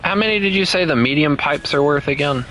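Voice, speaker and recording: A man with a Southern US accent, streaming a game and chatting playfully with co-players, breaking into teasing and high shouts. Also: brisk, slight background noise. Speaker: gaming streamer. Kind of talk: casual gameplay chat with co-players.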